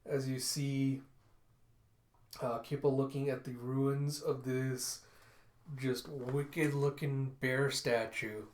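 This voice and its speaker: A man casually walking through the panels of a comic, chatty and loose, with fillers and self-corrections. His average-pitched voice carries a roomy echo. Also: flat delivery, slow pace. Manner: casual, chatty, repeats "and you see". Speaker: comic book reviewer.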